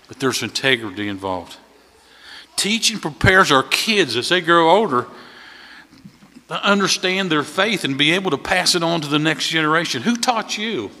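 A man preaching a sermon in a folksy storytelling way, voice swelling louder at key points. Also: a little high, expressive, moderate pace. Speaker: visiting preacher. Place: church sanctuary. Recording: long hall reverb.

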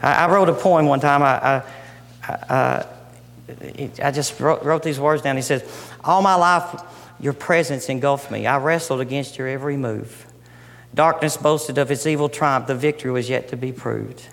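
A man's voice: medium pitch, moderate pace, vocal fry. Impassioned preacher man in a reverberant hall. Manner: impassioned, rising and falling between loud emphasis and soft near-whispers. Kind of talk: sermon.

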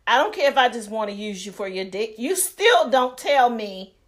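A woman's voice: a little high, lively intonation, normal speed. A woman co-hosting a podcast, telling a story in blunt, profane casual chat. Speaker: podcast co-host.

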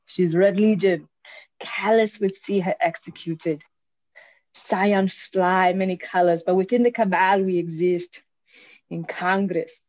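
A woman's voice: medium pitch, warm tone, natural voice. A stern, proud alien scion warrior, voiced by a woman speaks in an exaggerated Italian accent. The sound is dull and lo-fi, like a cheap mic, with no room echo. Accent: put-on Italian accent. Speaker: guest voice reader. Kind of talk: reading game lore in a put-on voice. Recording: dull lo-fi, dry.

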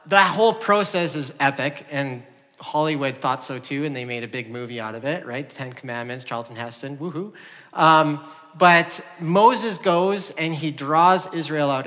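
Middle-aged guy preaching, bright voice a bit high, earnest and chatty, long hall echo. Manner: conversational, earnest, with frequent restarts and fillers. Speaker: pastor. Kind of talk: sermon. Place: church sanctuary.

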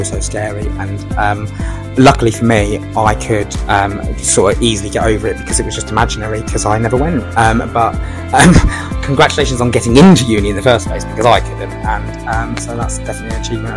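A man's voice: lowish voice, fairly even intonation, fast, over music. A man, hosting a local podcast in jokey, rambling casual chat at a studio mic. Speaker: podcast host. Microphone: studio microphone.

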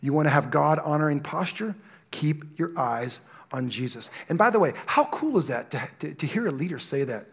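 A male pastor delivers a sermon in a gravelly, slightly high voice. He moves from quiet storytelling to loud, impassioned preaching, talking straight to his congregation. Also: expressive, normal speed.

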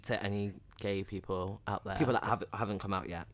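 A man's voice: on the low side, fairly even intonation, brisk. A young man, a podcast guest talking openly and casually, with lots of "like" and "literally". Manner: chatty and open, often says "like" and "literally". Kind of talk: casual chat.

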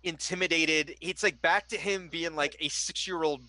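A man running a tabletop game, narrating the scene in loose, rambling bursts with plenty of filler words. His voice sits a little high and comes across bright and forceful. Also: steady tone, normal speed, dry recording. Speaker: game master.

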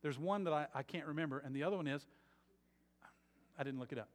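A man preaching a sermon as a pastor, moving between quiet earnest passages and loud emphatic ones. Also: fairly high pitch, fast, in a large hall. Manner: dynamic preaching, swings from soft to loud emphatic.

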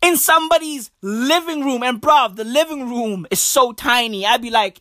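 A woman's voice: fairly high pitch, moderate pace, few pauses, sharp tone, dry recording, studio quality. A woman from Africa delivering a comedic rant monologue, profane and emphatic, peppered with slangy asides. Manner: profane, emphatic, slangy, repeats "bruv" and "broski".

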